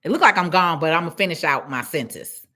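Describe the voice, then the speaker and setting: Her voice is low-pitched, expressive and fairly quick, with a sharp tone. She's a Chicago-accented small business owner giving a casual, preachy live-stream pep talk to followers, repeating points for emphasis.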